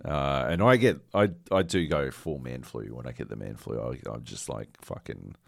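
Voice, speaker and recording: A man's voice: rumbling low, normal speed, vocal fry, no room sound, studio quality. A man co-hosting a podcast, telling a rambling, profane story with dramatic quoted asides, still carrying a slight cough. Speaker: podcast co-host. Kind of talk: casual chat.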